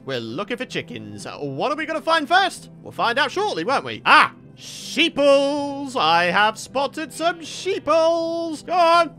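Man gaming YouTuber, bright and bouncy delivery, playful chatter, soft music underneath. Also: very high voice. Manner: chatty, playful, talks to the animals. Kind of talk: Minecraft let's-play commentary.

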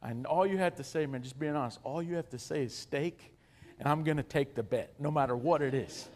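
A man in his forties, a guest speaker, tells a congregation a humorous story with a fairly high pitch and fast delivery. He's animated and self-deprecating, often addressing the audience directly.

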